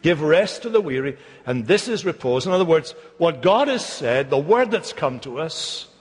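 Scottish man preaching, husky voice. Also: on the high side, very animated, normal speed, in a large hall. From Scotland. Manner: emphatic, repeats words for effect, mimics mocking voices. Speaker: pastor. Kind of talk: sermon. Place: church.

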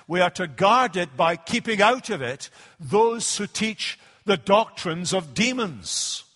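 A man preaching a sermon with a notably high voice. He speaks deliberately and emphatically, drawing out key words, and his voice rings with a long hall reverb. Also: fairly bright tone.

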